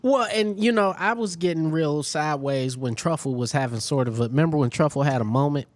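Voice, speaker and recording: Speaking a little fast in a voice on the high side, this Detroit, Michigan co-host of a casual food podcast talks animatedly and fills his chat with fillers. At times he eats while speaking, and the recording has no room sound.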